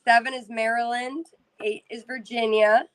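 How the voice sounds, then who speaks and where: A woman's voice: a little high, level tone, moderate pace, clean tone, no echo, poor audio. A woman co-hosting a casual live-stream chat, teasing and reading items off a list. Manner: playful, reads off a list.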